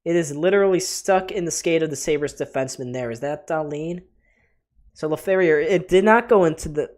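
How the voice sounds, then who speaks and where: A man's voice: fairly high pitch, normal speed. A man hosting a live reaction stream, giving chatty play-by-play commentary and talking to his viewers. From Buffalo area, USA. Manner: chatty, talks to his chat as "folks". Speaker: livestream host.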